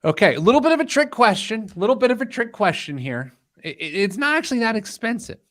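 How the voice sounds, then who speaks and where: A man's voice: sits high, quick pace, no echo, studio quality. A man hosting a radio finance talk show in casual chat, joking and telling stories. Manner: joking, animated storyteller. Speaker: show host.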